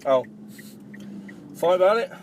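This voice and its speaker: Casting: young guy, bright, lively teasing banter, recorded in a car with road noise. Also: high voice, unhurried. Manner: teasing, laughs often. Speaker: podcast co-host. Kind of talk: casual chat while driving. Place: inside a moving car. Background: road and engine noise.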